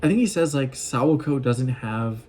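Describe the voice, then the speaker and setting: A man casually recapping a show in an excitable, rambling way, often acting out what the characters say. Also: mid-range voice, moderate pace. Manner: excitable, gushing, acts out quoted lines. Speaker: vlogger recapping an anime.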